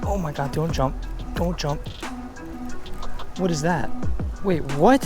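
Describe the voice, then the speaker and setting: A young man from Delaware filming his own fishing trip, exclaiming and chatting excitedly beside a pond. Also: a little high, measured pace, pauses often, music in the background. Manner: excitable, exclaiming, mild slang. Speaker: fishing vlogger. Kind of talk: excited casual vlog commentary. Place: outdoors by a pond.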